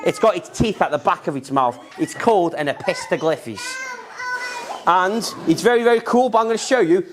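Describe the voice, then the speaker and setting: A man's voice: high-pitched, fairly bright tone. A young man giving an enthusiastic, repetitive live talk about snakes while handling animals in a museum room. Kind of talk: live educational talk to children.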